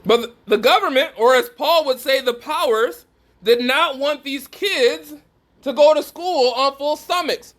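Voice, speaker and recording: A man's voice: extremely high pitch, measured pace, fairly bright tone. A man giving a preaching talk to a live group, emphatic and putting questions straight to his listeners. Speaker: speaker at a faith gathering.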